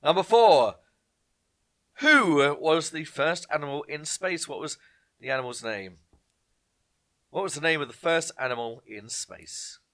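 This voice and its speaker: A man hosting a casual online quiz night, reading each question slowly and twice, with jokey asides between questions. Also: on the high side, animated, bright, forceful tone. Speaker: quiz host.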